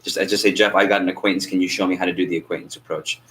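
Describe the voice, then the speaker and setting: A man coaching a sales training class, energetic and quizzing the group with questions. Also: sits low, rapid-fire, rough recording. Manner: energetic, asks the group questions and acts out phone calls.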